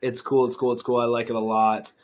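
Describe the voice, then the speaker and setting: A man's voice: medium pitch, little pitch movement, quick pace. A young man, a fitness coach, chatting casually on a livestream and answering viewer questions in an upbeat way.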